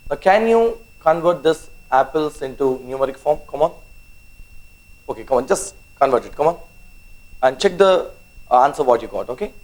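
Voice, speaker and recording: A man's voice: fairly high pitch, darkish tone, low-quality recording. A man giving an online maths lesson, spelling out words letter by letter and checking in with the students after nearly every sentence. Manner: repeats "okay?" often, spells out words letter by letter; coaxing, urges students on. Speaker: maths teacher.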